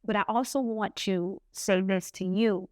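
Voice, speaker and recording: A middle-aged woman talks slowly and earnestly on a podcast, weighing her words with reflective pauses. Her voice sits at an ordinary pitch in a dry, close room. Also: fairly even intonation, no echo. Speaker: podcast co-host. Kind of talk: heartfelt podcast talk.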